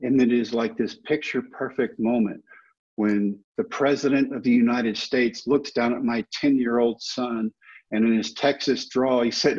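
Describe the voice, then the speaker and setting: A man in his fifties, a former ballplayer, telling animated stories as a podcast guest and acting out the quotes. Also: mid-range voice, moderate pace, breathy edge. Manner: animated anecdotes with acted-out quotes. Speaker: guest, former baseball player. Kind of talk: storytelling interview. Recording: dull lo-fi podcast audio.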